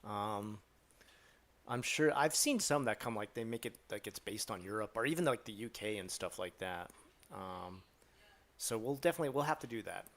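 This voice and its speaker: A man's voice: on the low side, lively intonation, moderate pace, a bit bright. A man chatting casually on a live stream, rambling and joking with lots of fillers as he answers his chat.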